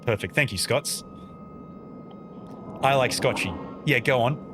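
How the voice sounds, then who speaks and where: A man's voice: mid-range voice, unhurried, music in the background. A man casually streaming a game, chatting with his viewers and muttering to himself as he plays. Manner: chatty, reads and answers chat messages; playful, mutters to himself while playing. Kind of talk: casual live-stream chat while gaming.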